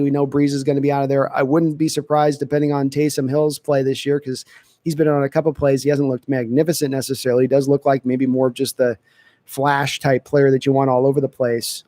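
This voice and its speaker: Brief: male host, casual live-stream chat, thinks out loud, dry close-miked sound. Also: fairly high pitch, no echo. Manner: chatty, thinks aloud with restarts. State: dry throat. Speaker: podcast host answering chat questions.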